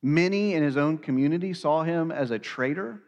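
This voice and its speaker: A man preaching a sermon in earnest, slowing down to stress key phrases. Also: a little high, big-room sound, muffled recording. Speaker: pastor.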